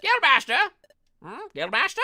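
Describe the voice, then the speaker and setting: A shrill, high-strung bird officer barks orders in a bright, lively squawk, as a man puts him on. The voice leaps around its range and sounds dry and close. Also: normal speed, no room sound, faint music behind, full character voice. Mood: eager, commanding. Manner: shrill, excited, bossy. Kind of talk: voicing game dialogue.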